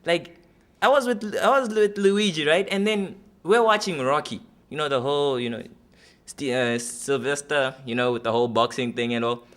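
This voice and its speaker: A man's voice: on the high side, normal speed, fairly bright tone. Young man doing stand-up. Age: 20s. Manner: loose, chatty, full of fillers. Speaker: stand-up comedy contestant. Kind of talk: stand-up comedy audition.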